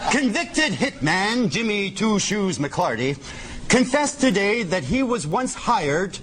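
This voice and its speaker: A man's voice: sits high, big pitch swings, slow, background noise. A man reading silly news items as a mock anchorman in a comedy sketch.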